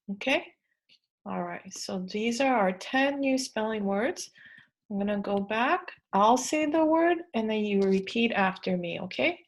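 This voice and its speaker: Slow, patient woman teacher. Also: mid-range voice. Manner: slow and patient, repeats words, says "okay" often. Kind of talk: children's spelling lesson.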